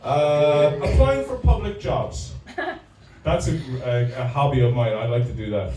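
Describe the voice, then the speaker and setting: A man doing a rambling, profane stand-up comedy set, stalling often with halting fillers. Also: mid-range voice, warm tone. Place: comedy club room. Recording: echoey room, distant mic, faint ambience.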